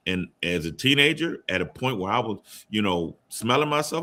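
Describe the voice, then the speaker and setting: A man sharing a personal story on a panel, emphatic and animated. His pitch swoops widely as he talks. The voice is bright and forceful. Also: normal speed, few pauses. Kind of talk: casual panel discussion.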